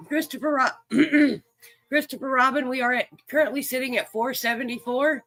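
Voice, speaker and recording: A man's voice: extremely high pitch, steady tone, moderate pace, gravelly, fairly bright tone, dry recording. A man hosting a livestream game, chatting in a folksy way and greeting viewers by name. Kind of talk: casual livestream chat, reading viewers' names.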